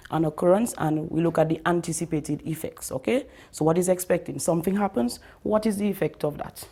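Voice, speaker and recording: A woman's voice: mellow, slightly rough. A woman teacher giving a recorded writing lesson to pupils, explaining step by step and often checking in with "okay?" and "all right?". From Dominica. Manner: stresses key terms by slowing down and lifting pitch.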